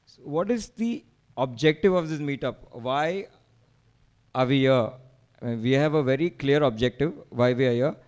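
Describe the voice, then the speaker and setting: A man's voice: mid-range voice, moderate pace, a little mellow. A man with an Indian accent giving an emphatic slide presentation to a meetup, rallying the audience with rhetorical questions.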